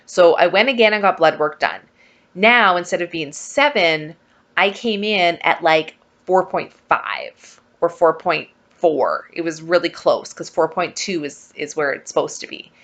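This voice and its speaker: Chatty woman, lowish voice. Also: a little slow, lo-fi sound. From Saskatchewan, Canada. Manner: chatty, animated, acts out quoted dialogue. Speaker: vlogger. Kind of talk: casual storytelling vlog.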